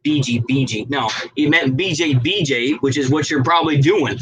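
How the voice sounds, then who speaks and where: A man's voice: medium pitch, moderate pace, hardly any pauses, a bit bright, husky, rough recording. A man video blogger in a casual, profane and heated rant, who stops to read articles aloud.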